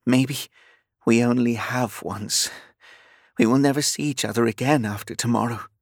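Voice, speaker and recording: A man's voice: medium pitch, normal speed, creaky, dry recording, studio quality. Male reader as a bold young Englishwoman, pleading urgently in an audiobook romance. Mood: yearning.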